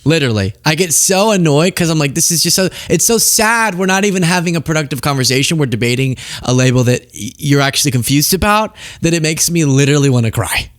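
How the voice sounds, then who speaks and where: A young man hosting a political commentary show, talking straight to camera in an exasperated, animated way and often laughing mid-rant. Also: fairly high pitch, quick pace, hardly any pauses, no echo.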